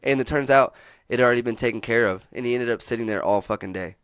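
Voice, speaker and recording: Young man, podcast co-host, rapid swearing storyteller, dead-dry close sound. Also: medium pitch, smooth, dry recording. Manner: fast, animated storytelling with heavy swearing. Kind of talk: casual podcast chat.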